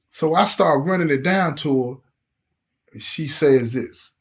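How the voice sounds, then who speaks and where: A middle-aged man recounts a hard chapter of his life, talking with rising emotion and acting out the voices of others. His voice sits a little high for a man. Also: normal speed. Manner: emotional, intense, acts out quoted voices. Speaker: host telling his life story. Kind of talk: personal storytelling to camera.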